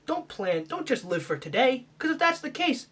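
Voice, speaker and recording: A man doing a comedic rant, swearing and shifting from mumbled asides to mock-angry yelling. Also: very high voice, big pitch swings, moderate pace, husky.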